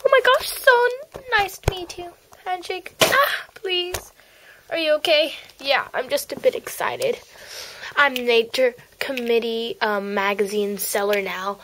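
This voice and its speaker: A woman plays a starstruck girl selling magazines in a homemade play, breathless and gushing with excitement. Her voice runs fairly high, with faint noise underneath. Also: takes it slowly, poor audio. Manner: breathless, gushing, keeps saying how excited she is.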